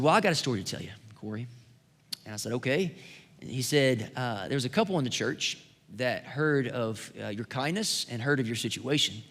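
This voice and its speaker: A man preaching a sermon as pastor, telling a personal story in an animated way that builds to emphatic preaching. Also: mid-range voice. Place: church sanctuary. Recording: long hall reverb.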